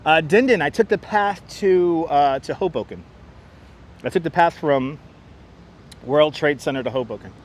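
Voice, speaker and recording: With a voice on the high side, this man hosts a live walking tour of an outdoor waterfront park at a normal speed, pausing often. Wearing a wireless lapel mic, he chats freely, laughs often, reads the chat aloud, and greets viewers by name.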